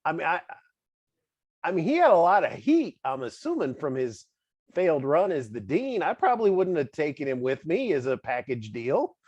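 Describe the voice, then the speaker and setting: A man's voice: on the high side, sing-song, moderate pace, darkish tone, no room sound. A man hosting a casual wrestling interview, chatty and laughing often as he asks questions. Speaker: interview host. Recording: dry, dull lo-fi audio.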